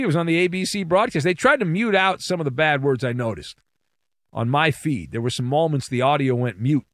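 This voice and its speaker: A man hosts a sports talk radio show from a studio microphone, his voice sitting a little high and swinging widely as he leans into playful, exaggerated emphasis. The sound is close and dry, with no room around it. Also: a bit bright, dry recording.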